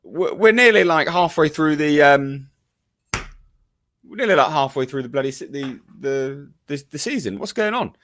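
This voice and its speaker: A man's voice: fairly high pitch, expressive, normal speed, fairly bright tone. A man giving a casual, ranting review to a live chat, full of fillers and restarts and openly exasperated. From United Kingdom.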